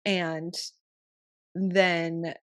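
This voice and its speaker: Frank, lower-voiced young woman telling a story. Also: flat delivery, extremely slow. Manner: frank, swears freely, many filler "like"s. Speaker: podcast guest. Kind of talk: candid personal storytelling.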